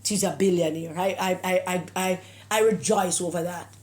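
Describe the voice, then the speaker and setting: A Jamaican woman delivers a forceful political opinion monologue, slipping into patois and firing off scornful rhetorical questions. Her voice is on the low side, slightly mellow, with fairly even intonation and a normal pace.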